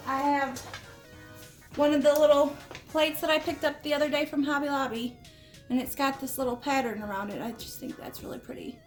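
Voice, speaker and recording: A middle-aged woman hosting a casual home decor vlog from her living room. She is chatty and homey, with lots of small asides, and is a little under the weather with the odd cough. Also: sits high. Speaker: home decor channel host. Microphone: camera set up nearby, moved around while she talks.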